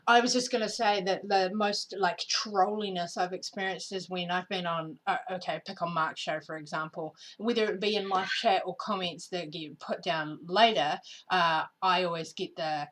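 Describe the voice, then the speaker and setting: A woman's voice: lowish voice, steady tone, moderate pace, few pauses, a bit bright, rough recording. A woman with a New Zealand accent co-hosting a casual podcast, talking expressively and with emphasis. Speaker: podcast co-host.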